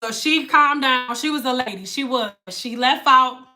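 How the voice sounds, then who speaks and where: A woman with a high-sitting voice and moderate pace chats casually in slangy livestream talk. She's an adult hairstylist with a daughter, and she tells an animated story, acting out the people in it.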